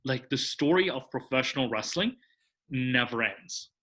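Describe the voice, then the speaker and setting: This podcast guest speaks in a mid-range voice, expressive and sharp-toned, at a normal speed. His long, casual explanations wander, he starts sentences over, and he tags his points with "that is."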